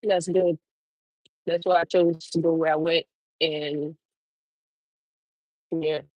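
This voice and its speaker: Low-pitched and level, this woman takes things slowly with a slightly mellow tone. The audio is dull with no room sound. She runs a casual trucker livestream, loose and profane, laughing a lot and answering her chat.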